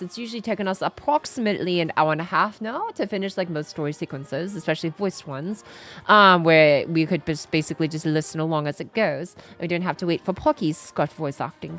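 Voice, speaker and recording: A woman's voice: medium pitch, a bit bright, close to an everyday voice. A woman putting on a prim, stilted British accent. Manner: formal, stilted phrasing. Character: exaggerated prim British version of the streamer herself. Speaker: streamer. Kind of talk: put-on British accent during a livestream.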